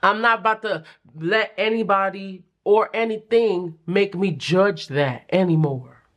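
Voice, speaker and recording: A young adult woman giving a casual pick-a-card tarot reading, chatty and animated, with playful slang and frequent laughs. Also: mid-range voice, unhurried. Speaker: tarot reader.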